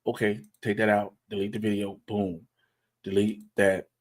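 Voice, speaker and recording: A man hosting a livestream, mumbling to himself in casual, profane slang while he fiddles with his editing software. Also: on the low side, level tone, normal speed. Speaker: stream host.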